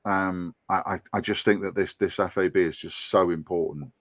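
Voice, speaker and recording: A man's voice: low voice, fairly even intonation, normal speed, dry recording. Earnest Scouse man in his fifties. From Liverpool and North Wales. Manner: earnest, rambling, with frequent restarts and ums. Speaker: podcast guest, fan board applicant. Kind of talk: casual podcast chat.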